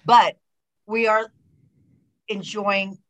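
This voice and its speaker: A middle-aged woman, a retired wrestler, chatting as a guest in an interview and telling animated stories with lots of fillers and acted-out quotes. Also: medium pitch, very slow, a crowd in the background. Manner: animated storyteller who acts out quoted dialogue, many fillers and restarts. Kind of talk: casual interview chat.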